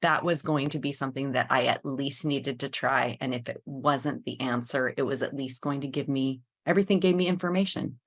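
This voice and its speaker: A woman's voice: rumbling low, brisk, hardly any pauses. A woman guest in an interview, telling a personal story in a candid, earnest way.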